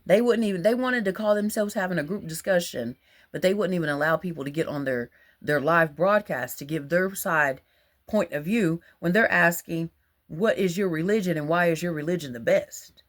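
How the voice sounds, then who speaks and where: A woman, talking in a rambling, animated, colloquial monologue about religious ideas. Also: fairly low pitch, normal speed. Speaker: religious vlogger. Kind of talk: casual monologue.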